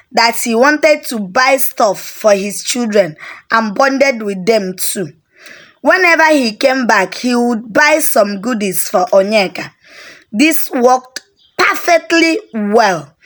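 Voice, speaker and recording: A woman tells a story at a slow, deliberate pace. Her voice is steady, unhurried and a little higher than most. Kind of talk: storytelling narration.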